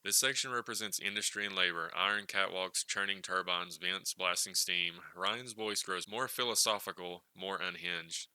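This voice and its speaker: A man giving scripted narration for a video retrospective, in a steady, explanatory manner. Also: low voice, normal speed, hardly any pauses, clear, resonant tone, no room sound, rough recording.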